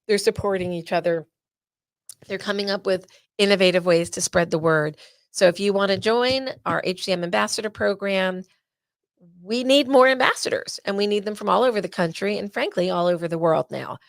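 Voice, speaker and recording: A woman's voice: medium pitch, a little fast, vocal fry, no room sound. Emotional woman hosting a presentation. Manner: warm, emotional, chatty, uses y'all. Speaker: host of an awareness event.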